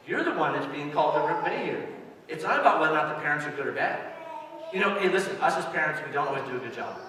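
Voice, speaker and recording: A middle-aged man preaching a sermon as pastor, speaking conversationally and turning to address the children directly. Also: on the high side. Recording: distant mic, echoey church hall, faint hiss.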